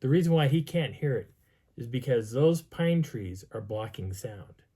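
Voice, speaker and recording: Husky, lively man telling a story. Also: medium pitch, a little slow. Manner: lively, acts out sounds and dialogue. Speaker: vlogger telling a field story. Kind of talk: animated personal storytelling.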